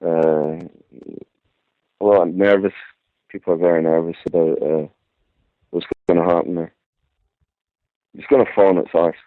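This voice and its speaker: Een beller met een vrij lage mannenstem die ontspannen praat, door een blikkerige, droge telefoonlijn. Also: male voice, sits low, steady tone, moderate pace, long pauses, no room sound. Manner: chatty, starts with fillers like "listen". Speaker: caller. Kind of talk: casual phone-in chat. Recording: tinny dry phone line.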